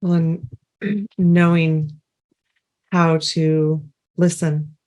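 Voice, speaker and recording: A woman co-hosting a podcast, speaking reflectively and thinking aloud in halting phrases. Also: low-pitched, fairly even intonation, darkish tone. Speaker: podcast co-host. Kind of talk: casual interview chat.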